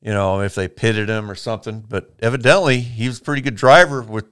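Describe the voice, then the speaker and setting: A man's voice: on the low side, brisk, a bit bright, clean tone. A man hosting a podcast, reading odd news stories aloud with crude jokes and frequent laughter. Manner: profane, laughs often, reads stories aloud. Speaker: podcast host. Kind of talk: crude comedic banter.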